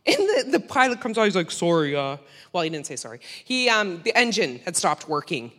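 Speaking a little fast in a bright-ish, mid-range voice with wide pitch swings, a woman gives her church group an informal mission trip testimony. She chats along with frequent laughter and fillers, and the recording carries a long hall reverb.

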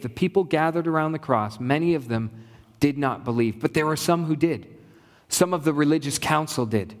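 A male pastor delivers an earnest sermon in a fairly high voice, building his points through rhythmic repetition. His words ring out with a long reverb, as if he is speaking in a large church. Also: lively intonation, normal speed.

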